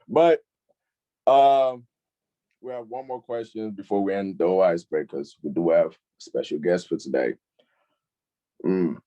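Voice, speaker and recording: Brief: young male youth-group host, low mellow voice, laid-back, keeps saying "facts.". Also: expressive, measured pace, long pauses, muffled recording. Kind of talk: casual online group discussion.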